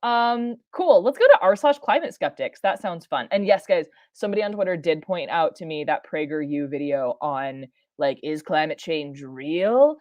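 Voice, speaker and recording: Low-pitched woman streamer, rambly and chatty, lots of ums, dry close sound. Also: expressive, normal speed, hardly any pauses, darkish tone, no echo. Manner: rambling, many fillers and self-interruptions; chatty, laughs often. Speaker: science streamer. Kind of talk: live-stream reaction chat.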